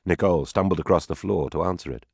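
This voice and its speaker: A man reading an audiobook novel aloud as its narrator, in measured storytelling. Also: sits low, vocal fry, darkish tone, breathy edge, dry recording, studio quality. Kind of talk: scripted narration.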